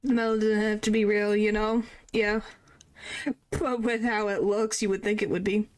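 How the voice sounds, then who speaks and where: A woman's voice: mid-range voice, level tone, normal speed. A woman streamer chatting casually and playfully while playing a game, with mild joking swears.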